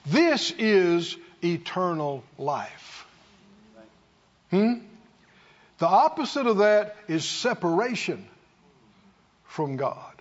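A man's voice: high voice, sing-song, extremely slow, pauses often, dull audio. A man preaching a sermon in a church, with emphatic, repetitive call-and-response delivery. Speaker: pastor.

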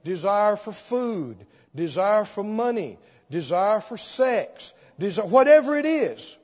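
A high-pitched man preaching slowly and deliberately, acting out little scenes as he tells his story. His voice rings through a large hall with a long reverb, and the recording sounds dull and muffled. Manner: animated storytelling, acts out scenes. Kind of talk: sermon.

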